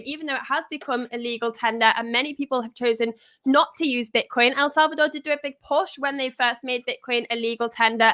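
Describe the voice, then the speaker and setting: A woman's voice: high voice, sharp tone. A woman with a Northern English accent co-hosting a casual crypto news live stream, chatty with frequent restarts. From Northern England. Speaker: crypto news show co-host.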